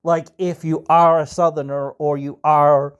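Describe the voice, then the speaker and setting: The Australian host's voice is on the high side, level and smooth, and he speaks a little slowly. He chats casually on his podcast, rambling with lots of fillers and putting on mock voices for stereotypes.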